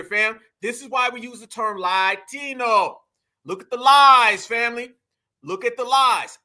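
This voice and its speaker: A man's voice: very high-pitched, pushed and bright. A man, hosting casual reaction commentary, emphatic and profane, calling his viewers fam. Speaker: commentary channel host.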